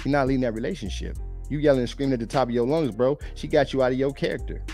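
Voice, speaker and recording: A man's voice: mid-range voice, rapid-fire, dark tone, soft background music. A man hosting a podcast, reacting to clips in a blunt, preachy way. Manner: blunt, preachy, repeats and quotes. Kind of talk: reaction commentary.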